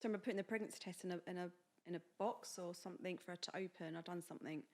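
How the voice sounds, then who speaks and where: Speaking very fast with a fairly low pitch, this young podcast co-host shares a story from her own life. Her casual, lively chat includes performed lines of dialogue for each character.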